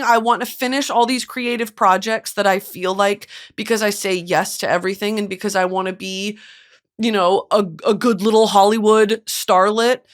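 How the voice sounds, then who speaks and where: A woman in her twenties hosting her podcast alone, talking earnestly and emotionally about being burnt out. She swears freely and fills her talk with "like". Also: medium pitch. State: burnt out, close to tears. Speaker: podcast host. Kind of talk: candid solo podcast monologue.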